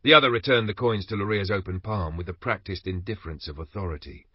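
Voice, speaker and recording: Low husky male audiobook narrator. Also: fast talker, dry recording. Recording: dry, slightly dull recording.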